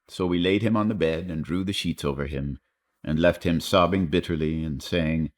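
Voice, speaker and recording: Deep-voiced male audiobook narrator. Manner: measured, literary storytelling. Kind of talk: scripted narration.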